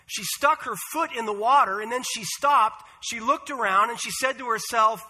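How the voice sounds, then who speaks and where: A male pastor with a high voice and a very bright, sharp tone. He preaches in a measured, earnest way, pausing on the odd "uh". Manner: measured, earnest delivery with "uh" fillers. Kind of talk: sermon.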